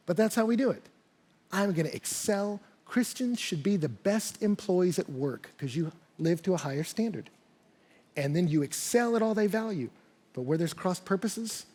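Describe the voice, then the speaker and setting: A man's voice: fairly high pitch, darkish tone, husky. A pastor in his thirties, preaching in a conversational storytelling style that builds to emphatic passages. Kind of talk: sermon. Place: church stage.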